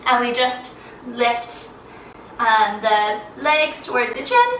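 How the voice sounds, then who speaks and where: Young female kids' yoga teacher, slow and playful, roomy echo with faint noise behind. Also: on the high side, distant mic. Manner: bright, playful, sing-song teacher voice with animal sounds. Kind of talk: children's yoga lesson.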